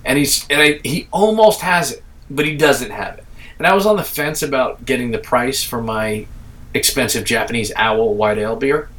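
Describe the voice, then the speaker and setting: A man's voice: mid-range voice, normal speed, a bit bright, far from the mic. A middle-aged man from Staten Island, telling a rambling, profane story in casual chat.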